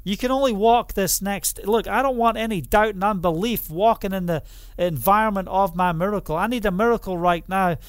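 A man's voice: high-pitched, fairly quick, no echo, clean studio sound, close to an everyday voice. A man acting out a firm teacher who gives urgent, direct instructions.

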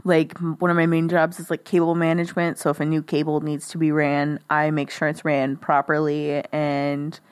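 A woman's voice: deep voice, little pitch movement, normal speed, hardly any pauses, smooth. A young woman chatting casually as a guest, rambling and laughing at her own jokes. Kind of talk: casual chat.

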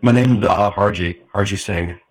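A male guest entrepreneur with a low voice, answering the hosts' questions briefly and in a friendly way. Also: normal speed, slightly rough. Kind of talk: interview answers.

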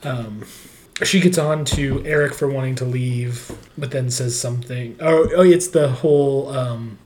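A man's voice: medium pitch, steady tone, a little slow, a little mellow, slight background noise. A man co-hosting a podcast in casual chat, laughing often and acting out lines from scenes. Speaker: podcast co-host.

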